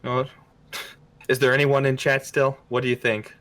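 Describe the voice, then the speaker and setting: A man's voice: medium pitch, level tone, moderate pace, noisy background. Young man giving dry, witty answers. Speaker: podcast co-host. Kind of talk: casual chat, quick-fire answers.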